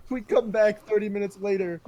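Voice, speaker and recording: A man's voice: sits high, fairly even intonation, fairly quick, warm tone. A young man telling a profane story to friends on a casual podcast, rambling and often laughing. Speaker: podcast host.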